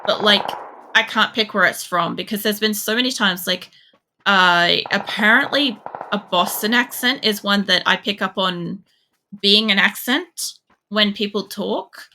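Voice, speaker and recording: A woman's voice: mid-range voice, a little slow, pushed and bright, slight background noise. A young woman from Poland streaming a shooter game, chatting casually in a rambling way, swearing freely and using lots of fillers. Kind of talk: casual chat while gaming.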